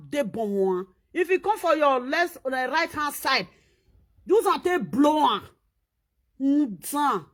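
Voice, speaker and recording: A Nigerian woman with a high voice delivers a casual monologue. She scolds and repeats herself, and her voice jumps up sharply whenever she stresses a point. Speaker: social media commentator.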